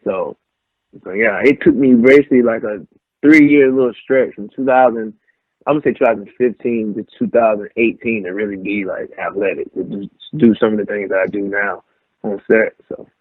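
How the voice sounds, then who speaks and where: A man's voice: fairly low pitch, moderate pace, husky, no room sound. Young man on a tinny phone-like line. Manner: animated storyteller, acts out quotes. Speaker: pro wrestler, guest. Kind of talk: casual storytelling interview.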